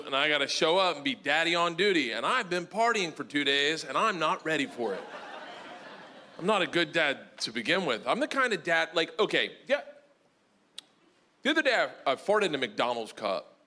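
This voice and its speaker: A middle-aged man doing stand-up, telling stories in a loud, crude, animated way that breaks into shouts. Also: sits high. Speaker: stand-up comedian. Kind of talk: stand-up storytelling. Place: comedy club stage before a live audience. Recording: live room noise from the crowd.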